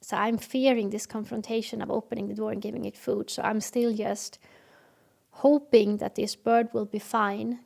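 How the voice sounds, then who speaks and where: A woman's voice: on the high side, little pitch movement, moderate pace, vocal fry, a little mellow. A woman talking earnestly to camera in a reflective monologue, telling stories with acted examples and sometimes dropping to a whisper. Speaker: self-help video host.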